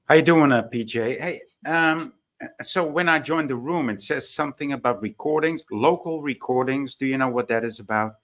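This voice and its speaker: A man's voice: medium pitch, normal speed, fairly bright tone. A man joining a casual chat as a guest, asking questions with hesitant restarts.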